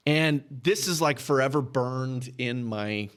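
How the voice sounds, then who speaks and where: A man's voice: medium pitch, slow, a bit bright, clear, resonant tone. A man from Texas casually telling a story as a podcast guest. He chuckles through his anecdotes and keeps checking in with "right?". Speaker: podcast guest, business owner.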